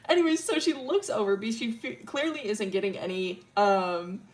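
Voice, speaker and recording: A woman's voice: medium pitch, moderate pace. Rambling woman streamer, laughing often. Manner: rambling, laughs often between lines, swears freely. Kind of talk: casual storytelling on a livestream.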